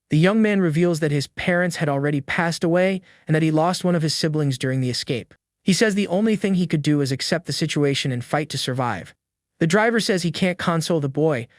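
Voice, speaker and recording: A man reading a scripted story recap in an even, steady narrating manner. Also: fairly high pitch, no echo, clean studio sound.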